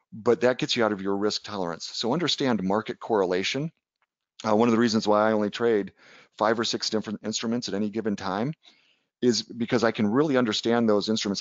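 A man's voice: lowish voice, no room sound, highs cut off. A man teaching about trading in a casual webinar lecture, conversational, telling anecdotes and checking in with "right?". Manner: conversational, tags points with "right?", tells anecdotes. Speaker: trading educator.

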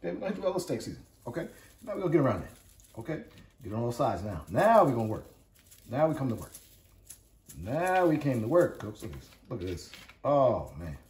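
Very animated and quick, he speaks at a medium pitch with a slightly mellow quality and pauses often. Hosting a casual cooking video, he's chatty and hyped, repeating catchphrases to his viewers throughout, first at home and later at a backyard grill outside. The audio is distant and echoey, from the camera.

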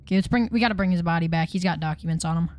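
A woman chatting through a game, excitable and tripping over her words. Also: lowish voice, racing. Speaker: gamer. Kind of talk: casual game commentary.

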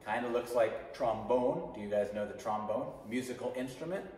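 A man's voice: medium pitch, normal speed, darkish tone, slight background noise. A man teaching an online English class, patiently drilling sentence patterns for students to repeat. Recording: echoey room from a distance.

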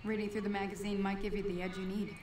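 A woman's voice: medium pitch, little pitch movement, quick pace, a little mellow, natural voice. A woman voicing a friendly female townsperson in a video game, giving matter-of-fact advice. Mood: helpful. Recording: game audio, roomy and distant.

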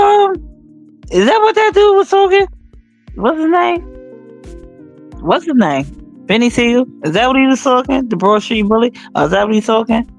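A woman hosting a casual news commentary vlog, talking straight to her viewers in an animated, emphatic, slangy way. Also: mid-range voice. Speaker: channel host and news commentator.

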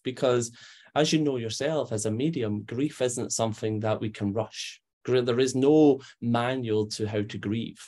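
Scottish man telling stories animatedly. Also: mid-range voice. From Scotland. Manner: animated, acts out quoted voices, frequent fillers. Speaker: medium, interview guest. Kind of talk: conversational storytelling.

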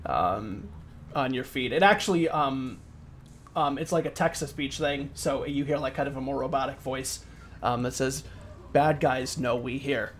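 A man's voice: medium pitch, moderate pace, a bit bright, slight background noise. A man running a tabletop role-playing game as game master, describing scenes in a rambling way with many fillers. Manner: rambling, many ums and likes.

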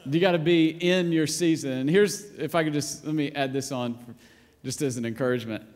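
A man's voice: a little high, fairly quick. Playful male pastor preaching in a reverberant hall. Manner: conversational, playful preaching with acted-out quotes and shouts. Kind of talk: sermon. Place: church auditorium.

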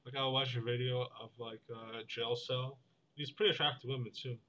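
Rambling young man, bright lo-fi voice. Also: medium pitch, moderate pace, slight background noise. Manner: meandering, full of fillers and restarts, deadpan. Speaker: vlogger. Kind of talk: rambling monologue.

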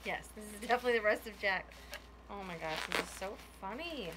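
A woman's voice: mid-range voice, fast, heavy background noise. A woman in a casual unboxing vlog, gushing over gifts with lots of laughs and gasps. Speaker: YouTuber opening a gift box.

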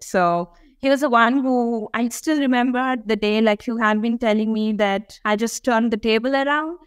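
A woman's voice: a little high, moderate pace, clean tone, dry recording. A woman guest in a conversational interview, speaking earnestly and reflectively, with frequent fillers. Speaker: guest, dental school applicant.

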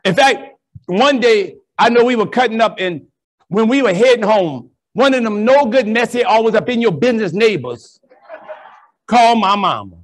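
A high-pitched man, a priest telling stories from the stage. He swings between bright, punchy lines and low, slow punchlines, acting out every quoted voice. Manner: animated, preacherly storytelling with acted-out quotes. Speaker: priest and keynote speaker. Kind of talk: storytelling conference keynote. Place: large conference ballroom.

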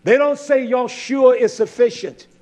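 A man preaching a fiery scripture sermon, confrontational, firing rhetorical questions and swinging between loud outbursts and low muttering. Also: steady tone, unhurried.

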